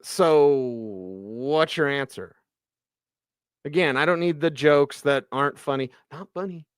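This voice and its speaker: A man hosting a postgame sports radio show, ranting with animated exasperation and sarcastic asides. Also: mid-range voice, takes it slowly, clean tone, no echo, clean studio sound. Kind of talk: postgame sports talk monologue.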